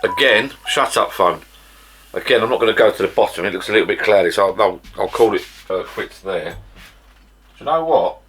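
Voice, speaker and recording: There's a little hiss or hum on this clip of a middle-aged UK man vlogging from his garden bar shed. His lowish voice is animated, a bit bright, and fairly quick, and his casual chat rambles with frequent restarts.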